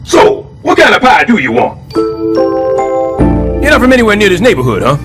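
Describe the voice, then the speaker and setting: A man voicing a brash, scheming middle-aged building superintendent in a cartoon, loud and sarcastic. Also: high-pitched, huge pitch swings, moderate pace, loud music behind the voice. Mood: coaxing. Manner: loud, sarcastic wisecracking, jumps between growls and squeals. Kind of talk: stop-motion cartoon voice acting.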